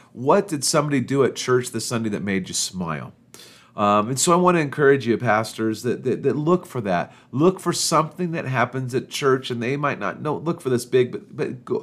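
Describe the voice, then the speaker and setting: A man hosting a podcast for pastors, telling funny church stories in a casual, chatty way and laughing at his own jokes. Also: lowish voice. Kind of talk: casual storytelling talk.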